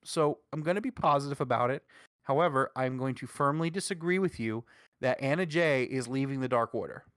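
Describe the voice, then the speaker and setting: A man's voice: mid-range voice, fairly quick, fairly bright tone, clear, resonant tone, no echo, studio quality. A man co-hosting a casual wrestling review chat, arguing his point emphatically and packing his talk with "like". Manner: emphatic, argumentative, heavy use of "like". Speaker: podcast co-host.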